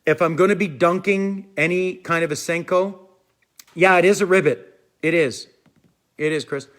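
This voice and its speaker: Man, fishing stream host; chatty, rambling, a touch high-pitched. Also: fairly even intonation, normal speed, a bit bright. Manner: rambling, chatty, repeats "I'm telling you". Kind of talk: casual live stream chat, answering viewers.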